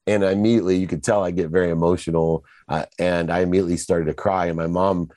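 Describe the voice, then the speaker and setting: Middle-aged man, interview guest, very low voice, dark mellow tone, emphatic storytelling, dry sound. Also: flat delivery, fast, dry recording.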